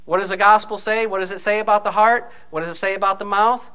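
A man preaching a conversational sermon, animated, often checking in with his listeners by asking "okay?". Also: high-pitched, quick pace, smooth. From United States.

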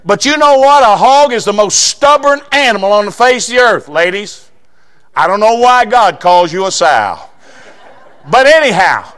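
High-voiced folksy preacher. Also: male voice, lively intonation, normal speed. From southeastern Indiana. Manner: folksy storytelling with bursts of shouting. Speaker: pastor. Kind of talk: sermon.

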